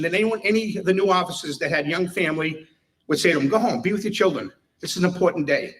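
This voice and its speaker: A man's voice: a little high, fairly bright tone. A man giving a humorous retirement tribute speech, chuckling his way through anecdotes. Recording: voice heard from a distance.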